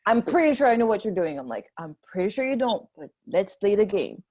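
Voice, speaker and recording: A woman's voice: mid-range voice, sing-song, brisk, mellow. A woman who figure skates, chatting casually over a video call and playfully acting out the conversations she describes. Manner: playful, acts out dialogue as she tells it.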